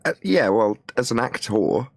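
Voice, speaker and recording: A man's voice: mid-range voice, very animated, normal speed, gravelly, slightly rough, dry recording. A man from England with a mild Midlands accent, chatting casually on a podcast and laughing between points. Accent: mild English Midlands. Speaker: podcast co-host. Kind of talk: casual chat.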